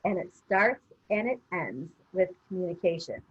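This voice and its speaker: A woman's voice: lowish voice, lively intonation, moderate pace, husky, lo-fi sound. A woman giving a motivational sales training talk, enthusiastic and encouraging. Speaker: guest trainer. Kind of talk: motivational talk on a video call.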